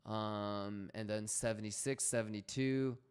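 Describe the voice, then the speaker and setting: A man's voice: lowish voice, fairly even intonation, unhurried, clean tone. A man hosting a casual trading livestream, slangy and swearing freely as he reads out chat messages.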